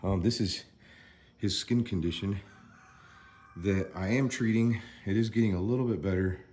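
A man vlogging outdoors on a small farm, chatty and worried, thinking out loud as he walks around. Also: fairly low pitch, normal speed, husky. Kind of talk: casual vlog commentary.

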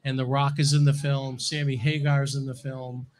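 A middle-aged man, a filmmaker guest, telling an animated story and acting out the dialogue, with a lot of "uh" and "um.". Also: mid-range voice, normal speed, poor audio. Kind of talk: storytelling and interview talk.

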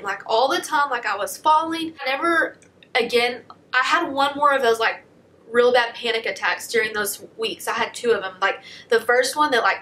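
A young woman YouTuber telling a personal story in a soft, confessional way, packing almost every phrase with "like". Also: fairly high pitch, a little hiss or hum. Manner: heavy filler "like", soft confessional.

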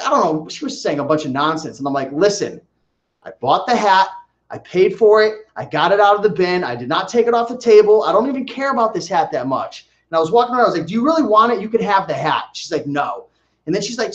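A man's voice: a little high, echoey room, lo-fi sound. A man talking casually to his viewers in a vlog, telling stories and showing what he found to resell. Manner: animated storytelling, talks straight to viewers. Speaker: reseller vlogger.

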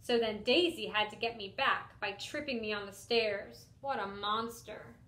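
A young adult woman, a teacher, reading a picture book aloud to children in an expressive first-person style. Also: mid-range voice, moderate pace. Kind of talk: storybook read-aloud for children. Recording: roomy echo.

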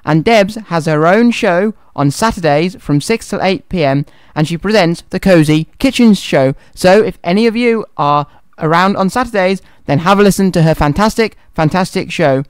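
A man's voice: high-pitched, normal speed, clear, resonant tone, no echo. A man hosting a children's radio show, chatting between items. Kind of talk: radio presenting.

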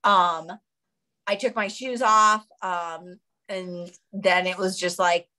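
A woman's voice: on the low side, steady tone, slow, sharp tone. A young woman from the United States, an Olympic runner, chatting casually as an interview guest, giggling often and filling her speech with "like". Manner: bubbly, giggly, fillers of "like".

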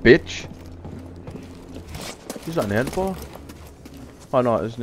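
A man talking over his own gameplay, his pitch jumping all over as he swears and yelps through the fights. Loud game music plays behind him the whole time. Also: takes it slowly. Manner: swearing, excitable outbursts and shouts while playing. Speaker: gamer playing a video game. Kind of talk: casual gameplay commentary.

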